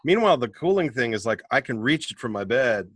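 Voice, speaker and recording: A man's voice: mid-range voice, big pitch swings, a little fast, slightly rough, no echo. A man hosting a casual chat, riffing playfully and asking questions.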